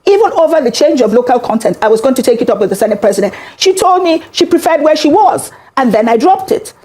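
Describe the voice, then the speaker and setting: An older woman senator answering interview questions in a firm, measured way. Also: sits high, expressive, darkish tone.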